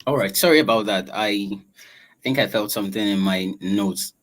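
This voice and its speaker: A man with a velvety voice explaining vocal textures in an online voice-over class, unhurried and full of fillers. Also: on the low side, fairly bright tone, poor audio. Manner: explanatory, drawn-out, filler-heavy. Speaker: voice-over coach.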